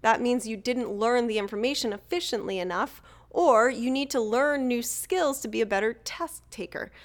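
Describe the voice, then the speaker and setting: Woman, podcast host, motivational solo talk, casual, swears, laughs a lot, fairly high voice. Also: moderate pace. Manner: casual, swears, says "literally" often, laughs easily.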